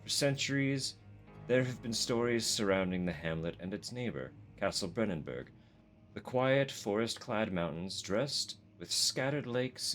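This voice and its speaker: A Canadian man with a very low voice, streaming a horror game live. He reads the game's lore text aloud between chatty, self-deprecating asides, swearing freely and laughing often. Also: lively intonation, unhurried, fairly bright tone, soft background music.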